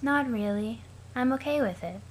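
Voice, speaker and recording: A woman voicing a gloomy young troll girl in a dead, flat monotone, calm and cryptic. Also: on the high side, moderate pace, slight background noise, voice pushed up, natural voice. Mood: detached.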